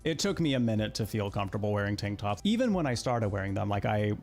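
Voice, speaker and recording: A man's voice: fairly low pitch, big pitch swings, quick pace, vocal fry, a little mellow, faint music behind. A young man livestreaming a game, chatting and joking with his chat in a casual, filler-heavy way.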